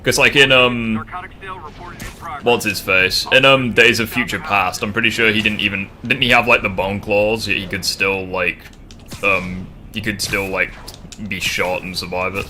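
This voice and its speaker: A man's voice: on the low side, fairly even intonation, moderate pace, bright, forceful tone. A man hosting a casual gaming stream debate, swearing freely and stammering as he restarts sentences. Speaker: streamer host.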